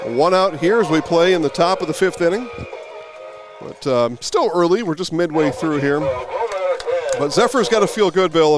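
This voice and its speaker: A man calling baseball play-by-play outdoors, rising with excitement on big plays. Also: on the high side. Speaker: play-by-play announcer.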